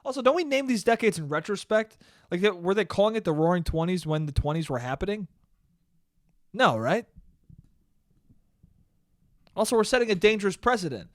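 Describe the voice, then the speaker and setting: A man's voice: high voice, quick pace, no echo, studio quality. Profane young man ranting on a podcast. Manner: profane, animated, talks to listeners as "dude". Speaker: podcast host. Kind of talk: solo podcast rant. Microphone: studio mic he checks the levels on.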